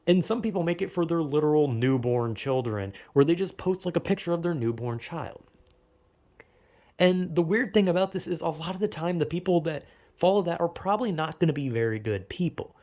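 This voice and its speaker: A man's voice: fairly high pitch, lively intonation, normal speed, darkish tone. A young man giving a rambling, profane casual commentary, often stumbling and restarting. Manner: profane, rambling, self-interrupting with laughs. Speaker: video essayist.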